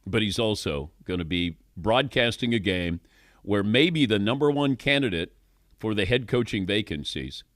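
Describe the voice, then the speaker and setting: A man's voice: lowish voice, expressive, moderate pace, a bit bright, no room sound, studio quality. A middle-aged man hosting a sports talk show, chatting casually and laughing often. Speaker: sports talk radio host.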